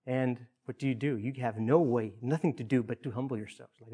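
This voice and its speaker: A man's voice: medium pitch, warm tone, husky. Earnest male preacher giving a sermon. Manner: earnest, rises in emphasis on key points with pauses and repeated phrases.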